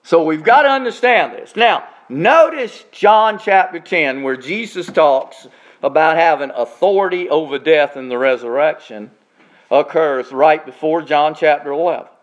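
A man preaching a sermon as pastor, stretching out key phrases slowly for emphasis. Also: on the high side, muffled recording. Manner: preaching with slow, drawn-out emphasis on key words.

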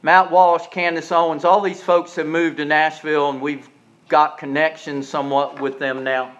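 A male pastor preaching a sermon, telling stories dramatically and swinging between loud and hushed delivery. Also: a little high, little pitch movement, normal speed. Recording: dull lo-fi recording.

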